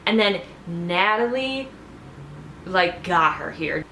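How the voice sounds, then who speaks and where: A woman's voice: fairly low pitch, expressive, slow, vocal fry, background noise. Gossipy woman recapping a show. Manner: gossipy, filler-heavy, many "like"s. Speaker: TV show reviewer. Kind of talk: casual chatty recap. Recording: echoey room, faint ambience.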